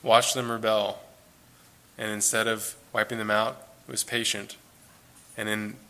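A man's voice: fairly low pitch, little pitch movement, measured pace, sharp tone. A man giving an informal, earnest Bible teaching, talking conversationally and repeating phrases for emphasis.

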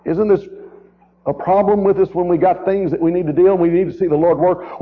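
A man's voice: a little high, normal speed. Preacher man on tinny old tape. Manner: emphatic, with rhetorical questions and repeated phrases. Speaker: guest preacher. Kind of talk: sermon. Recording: tinny, narrow-band old tape recording.

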